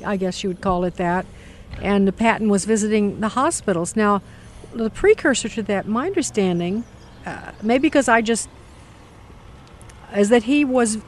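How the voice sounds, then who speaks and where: A woman's voice: medium pitch, a little hiss or hum. A woman hosting an interview, chatty, prompting her guest with questions. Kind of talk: conversational interview.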